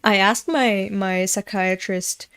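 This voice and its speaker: A European woman hosts a manga read-along channel, chatting casually in a clear, resonant voice of medium pitch that is fairly bright, slow and fairly even in intonation. She wanders off on tangents, swears freely and speaks directly to her viewers.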